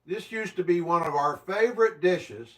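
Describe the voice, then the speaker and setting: A livestream host from the American Midwest, this man chats casually from inside his home and answers viewer comments with profane, mock-angry exclamations. He has a high, slightly bright voice at normal speed, picked up a bit away from the mic.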